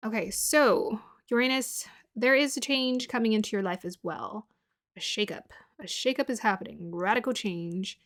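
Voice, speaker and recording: A woman's voice: a little high, moderate pace, a bit bright. A woman giving a casual tarot reading to her viewers, musing aloud, laughing often and sometimes dropping to a murmur. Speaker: tarot reader.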